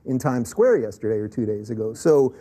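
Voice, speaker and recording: Male talk show guest, husky mellow voice, earnest, restarts sentences. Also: mid-range voice, expressive, fairly quick. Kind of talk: casual political discussion.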